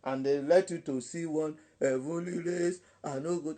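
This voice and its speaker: A man's voice: fairly high pitch, fairly even intonation, normal speed, few pauses, mellow. A man with a Nigerian English accent, a gospel DJ talking on a live online chat in an emphatic preaching style, repeating words and slipping into Pidgin.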